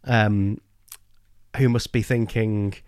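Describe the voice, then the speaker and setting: A man's voice: fairly low pitch, fairly even intonation, slow, darkish tone, smooth, no echo, studio quality. A man co-hosting a casual book discussion, who talks with enthusiasm and often restarts his sentences. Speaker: podcast co-host.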